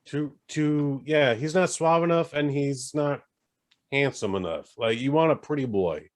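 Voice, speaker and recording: A man's voice: mid-range voice, unhurried, no echo, clean studio sound. A man in his forties co-hosting a podcast, rambling in casual chat and swearing now and then. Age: 40s. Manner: rambling, swearing, self-interrupting. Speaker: podcast co-host.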